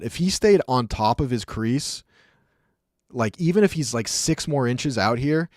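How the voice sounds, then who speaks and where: A man's voice: mid-range voice, no echo, clean studio sound. Chatty young man breaking down hockey. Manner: chatty, rambling, acts out sounds, many fillers. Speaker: streamer breaking down hockey clips. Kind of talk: casual commentary.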